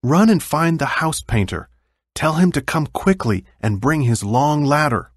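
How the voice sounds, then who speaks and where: A man's voice: a little high, lively intonation, unhurried, husky, no room sound, clean studio sound, voice pushed up. Worried storybook mother, as a man puts her on. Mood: urgent. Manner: urgent, commanding.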